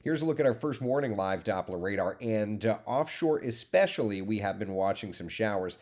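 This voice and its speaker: A man's voice: lowish voice, expressive, brisk, darkish tone. Chatty man hosting a morning weather stream. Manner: chatty and friendly, greets viewers by name. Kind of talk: casual live weather chat.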